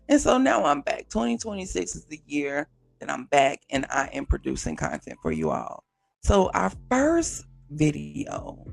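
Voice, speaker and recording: A man hosting his own pop culture vlog from a small home studio, animated and chatty, talking straight to viewers with repeated catchphrases. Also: on the high side, vocal fry, no echo. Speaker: YouTube pop culture reviewer. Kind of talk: casual vlog intro.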